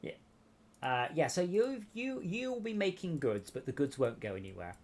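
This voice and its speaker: A man's voice: fairly high pitch, sing-song, normal speed, darkish tone. A man hosting a game stream, casually talking other players through each step. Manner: instructive, talks players through steps. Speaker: stream host guiding players. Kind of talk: casual gaming chat.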